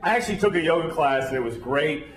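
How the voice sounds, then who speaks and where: A man doing a stand-up routine on stage, telling a profane story in a deadpan way and acting out the people in it. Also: on the high side, fast. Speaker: stand-up comedian. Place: comedy stage before a live audience. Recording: roomy hall with crowd laughter.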